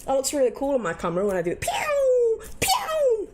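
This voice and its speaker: A woman's voice: medium pitch, animated, racing, mellow. A young woman chatting casually to her live-stream viewers, swearing freely and laughing easily. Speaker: game streamer.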